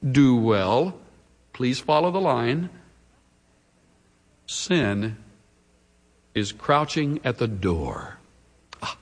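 A man preaching a sermon as pastor, with dramatic pauses that build to emphatic peaks. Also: fairly high pitch, sing-song, long reverb tail.

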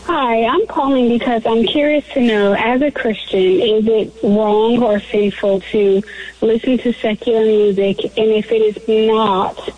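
A woman's voice: a little high, fairly even intonation, a little slow. A woman calling in to a radio show with a question, hesitant and searching for her words, heard over a dull phone line. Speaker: caller. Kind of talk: asking a question on a call-in show.

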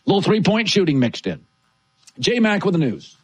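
A man's voice: sits high, very animated, normal speed, noisy background. A man hosting a sports talk show, giving emphatic, opinionated takes in a declarative way.

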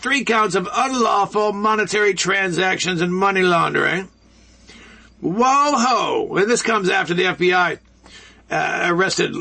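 A man's voice: high voice, gravelly, sharp tone, breathy edge. A man in his sixties hosting an opinionated news commentary, rambling and sarcastic. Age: 60s. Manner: sarcastic, rambling, mock voices for quoted people. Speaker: commentary show host.

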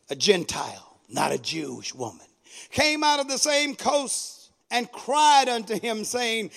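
High, bright-voiced fervent male preacher. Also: moderate pace, vocal fry. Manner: fervent, call-and-response exhortation with frequent amens. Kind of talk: sermon.

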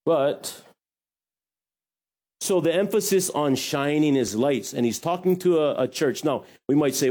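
A man preaching a sermon as pastor, lively, with joking asides. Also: a little high, unhurried.

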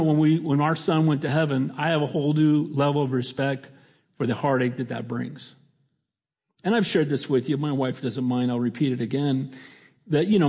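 A man's voice: mid-range voice, a little mellow, breathy edge. A middle-aged male pastor preaching a sermon in a conversational way, often restarting his sentences.

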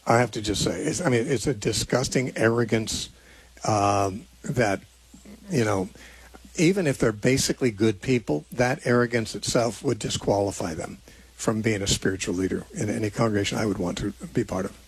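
Husky-voiced man hosting a call-in show. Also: on the low side, moderate pace. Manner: earnest, thinking aloud with frequent restarts. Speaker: radio call-in host answering Bible questions. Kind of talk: unscripted call-in radio teaching.

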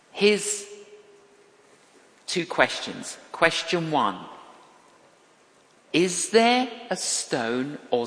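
Slow, deliberate preacher in an echoing hall. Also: male voice, on the high side, a bit bright. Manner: storytelling, wry, emphatic and repetitive. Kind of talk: sermon. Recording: echoey hall with long reverb.

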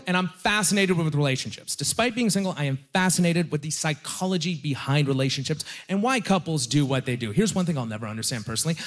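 A young adult man doing a stand-up comedy set, self-deprecating and given to emphatic repetitions. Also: a little high. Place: comedy club stage, live audience.

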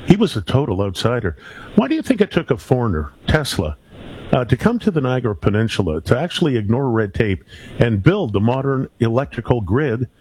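A man's voice: medium pitch, sing-song, a little fast, darkish tone, husky, low-quality recording. A man hosting a radio talk show, asking curious questions of a guest. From Canada. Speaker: radio host. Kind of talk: radio interview.

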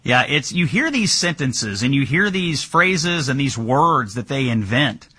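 Man, talk show host, sharp bright tone, a bit husky. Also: mid-range voice, unhurried. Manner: animated, pointed questioning. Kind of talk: political talk show hosting.

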